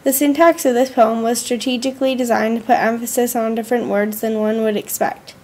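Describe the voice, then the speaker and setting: A woman, a student, reading her school journal aloud in an earnest, measured way with slow pauses. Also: a little high, fairly even intonation, warm tone.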